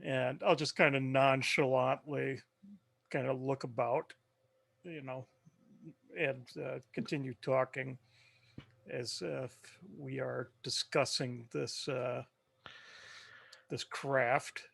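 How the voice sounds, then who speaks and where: A man's voice: medium pitch, steady tone, slow, gravelly, pauses often, a bit bright, no echo. A man taking part as a player in a tabletop game, talking in a laid-back way.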